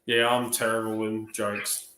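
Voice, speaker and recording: A man's voice: lowish voice, little pitch movement, unhurried, pushed and bright. Jokey man in an echoey room. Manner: jokey storyteller who tells joke after joke. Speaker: livestream co-host. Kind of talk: casual livestream chat. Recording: roomy echo.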